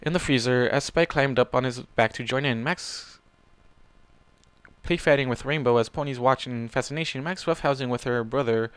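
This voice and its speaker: A man reads fan fiction aloud in a plain, steady way. He drops in casual asides and corrects his own slips. His voice is smooth and clear, recorded dry. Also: medium pitch, normal speed, dry recording. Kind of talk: story reading with asides.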